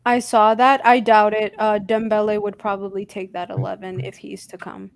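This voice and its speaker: A woman's voice: medium pitch, little pitch movement, normal speed. A woman co-hosting a casual football podcast, speaking in a direct, frustrated way. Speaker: podcast co-host.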